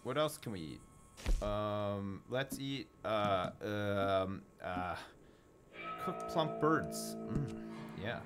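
Brief: laid-back sweary male streamer, unhurried with bouncy pitch, noisy stream audio. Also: animated, music in the background. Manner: wry, muttering, swears freely. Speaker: game streamer. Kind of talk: casual live gameplay commentary. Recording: streaming mic with clear noise.

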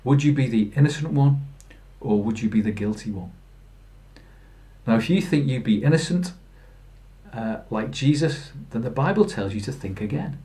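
A man's voice: medium pitch, animated, normal speed, warm tone. A man preaching a Good Friday sermon in plain storytelling, earnest, with fillers and restarts. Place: church.

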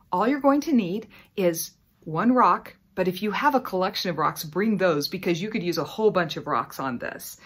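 A woman giving a children's Bible lesson at home in her living room, cheerful and encouraging as she talks straight to the kids. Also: lowish voice. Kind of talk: teaching young children, with singing.

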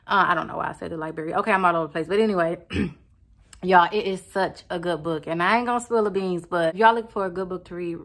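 A woman's voice: fairly low pitch, a bit bright. Chatty young woman vlogging to camera. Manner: chatty, rambling, addresses viewers as y'all. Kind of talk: casual chat to camera.

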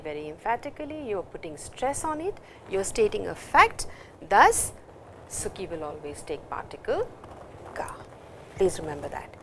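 This recorded Japanese lesson features an Indian woman with a mid-range voice over slight background noise. She works through the grammar slowly and reads example dialogue lines out loud.

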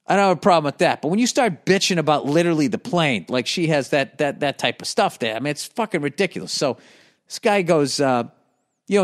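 A man's voice: a little high, expressive, a little fast. A male comedian telling a story as a profane, exasperated, rambling casual rant. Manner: rambling with restarts.

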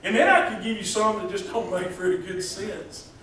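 High-voiced man, folksy preaching, jokey questions to the pews, echoey church hall, distant mic. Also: lively intonation, normal speed, a bit bright, a little hiss or hum. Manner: joking, asks the congregation questions. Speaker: pastor. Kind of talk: folksy sermon.

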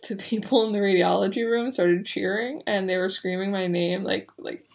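A woman's voice: mid-range voice, fairly even intonation, normal speed, vocal fry. A young woman vlogger telling a story to the camera in a casual, rambling way, full of fillers. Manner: chatty, rambling with many fillers.

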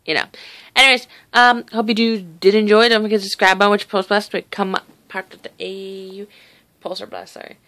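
Rambling, gravelly-voiced teenage girl vlogging. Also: medium pitch, little pitch movement, brisk, fairly bright tone, no room sound. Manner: rambling and chatty, swears casually. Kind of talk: casual chat. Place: lying on her bed at home, indoors.

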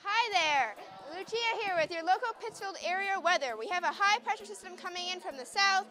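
A woman's voice: extremely high pitch, brisk, music in the background. A woman presenting a local weather report.

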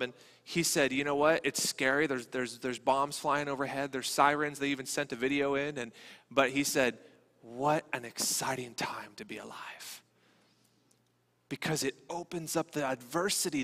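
A man in his role as pastor preaches with a bright, forceful tone that sits a little high for a man. His delivery is conversational and animated. The sound rings with the long reverb of a church sanctuary. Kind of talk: sermon.

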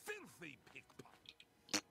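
A man voicing an angry townsman who shouts at a pickpocket in a video game, outraged and loud. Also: on the high side, wildly swooping pitch, slow pace, heavily acted.

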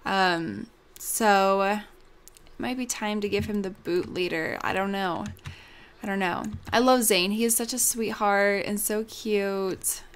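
Bubbly young woman with slow gravelly talk. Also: mid-range voice, fairly bright tone. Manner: bubbly, gushing, lots of ums. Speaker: let's play host. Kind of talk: casual gameplay commentary.

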